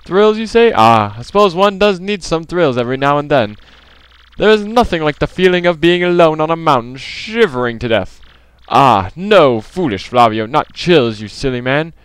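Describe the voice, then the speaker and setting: A pompous rich merchant , as a man puts him on, full of grand drawn-out exclamations and theatrical self-regard. He speaks high and lively, sweeping up and down in pitch, and his voice is smooth and clear. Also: no echo, close to an everyday voice. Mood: grandiose. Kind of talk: let's play voice reading.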